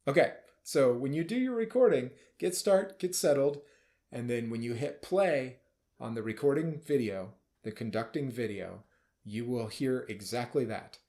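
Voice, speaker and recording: A man's voice: mid-range voice, expressive, moderate pace, darkish tone. A man leading a band rehearsal as conductor, explaining casually and now and then singing or calling out musical phrases. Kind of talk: rehearsal instruction.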